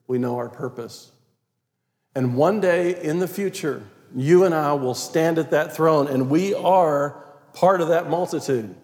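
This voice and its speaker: A medium-pitched man preaches a sermon as pastor, reading scripture aloud with emphasis on key words and sometimes dropping into a quiet, prayerful tone. The recording carries the long reverb of a large hall.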